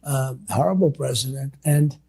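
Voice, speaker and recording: Older male politician, gravelly and mellow-dark, boastful repetitive rambler. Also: medium pitch, normal speed. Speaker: politician answering reporters. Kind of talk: clip of a press Q&A.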